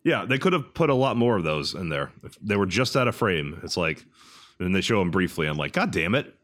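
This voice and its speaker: A man's voice: sits low, big pitch swings, a little fast, fairly bright tone, dry recording, studio quality. A man co-hosting a podcast, chatting casually about a film in a blunt, crude way and often restarting his words. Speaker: podcast co-host.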